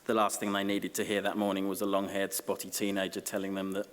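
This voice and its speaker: A man giving a comic, self-deprecating acceptance speech at a graduation ceremony, dry and halting with ums. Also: deep voice, completely flat delivery. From Essex, England. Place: large graduation ceremony hall. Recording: long hall reverb.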